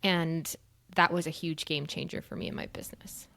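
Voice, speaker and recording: A woman's voice: deep voice, big pitch swings, normal speed, creaky, sharp tone, no echo, in a whisper. A woman in her thirties co-hosting a podcast, talking in an earnest, reflective way and laughing easily. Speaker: podcast co-host. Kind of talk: casual podcast chat.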